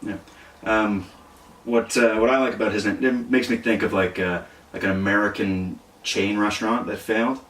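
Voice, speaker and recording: A man guest-hosting a casual podcast, full of pauses and dry, deadpan jokes. His voice is on the low side and sounds distant from the mic in a reverberant room. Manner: halting, dry deadpan humor. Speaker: guest co-host. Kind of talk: casual chat. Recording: roomy and off-mic.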